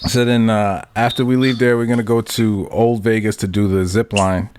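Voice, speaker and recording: A man's voice: on the low side, level tone, normal speed. A man co-hosting a podcast, chatting casually in a laid-back, rambling way and laughing often. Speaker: podcast co-host. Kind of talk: casual chat. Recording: noisy background.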